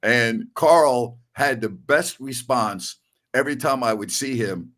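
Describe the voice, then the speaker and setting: A man's voice: mid-range voice, takes it slowly, fairly bright tone. A man in his sixties from New York, hosting a podcast and telling rambling stories with chuckles. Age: 60s. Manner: rambling storyteller, chuckles often. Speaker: podcast host. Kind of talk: casual chat.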